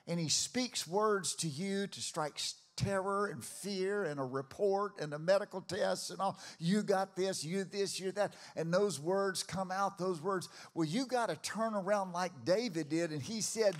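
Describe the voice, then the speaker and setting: An older man with a drawl preaches to a live congregation in a church auditorium. His voice sits fairly high for a man, and he drives his points home with emphatic force, climbing to shouts when he rallies the room. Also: measured pace, hardly any pauses. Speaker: pastor. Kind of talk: sermon.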